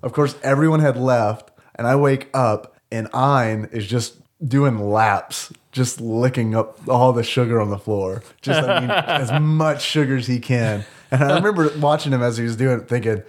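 Podcast host, male, hoarse with a sore throat, relaxed storyteller who laughs along; casual banter. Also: mid-range voice, normal speed, hardly any pauses. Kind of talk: casual chat.

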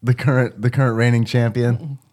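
A man's voice: medium pitch, level tone, fairly quick, a little mellow. A man hosting a comedic podcast, joking crudely and laughing often. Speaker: podcast host. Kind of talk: casual comedic chat.

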